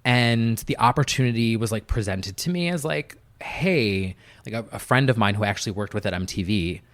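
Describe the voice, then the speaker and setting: A man's voice: lowish voice, lively intonation, fairly quick, fairly bright tone. A young man chatting as a podcast guest, telling stories in a loose, filler-heavy way with lots of "like". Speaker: podcast guest, music producer. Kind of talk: casual interview chat.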